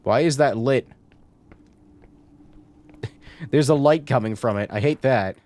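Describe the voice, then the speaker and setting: A man with a medium-pitched voice speaks at a slow pace while streaming a horror game. Relaxed and casual, he reads the on-screen notes aloud and adds joking asides.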